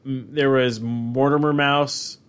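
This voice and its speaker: A man's voice: medium pitch, fairly even intonation, slow, clear, resonant tone. A man chatting casually, crude and jokey, often slipping into silly put-on voices. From Ireland. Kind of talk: casual chat.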